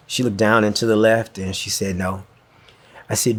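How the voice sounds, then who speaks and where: A man's voice: lowish voice, fairly even intonation, moderate pace, a little hiss or hum. A man giving a talk, telling a personal story in an earnest, reflective way that turns emotional, acting out dialogue as he goes.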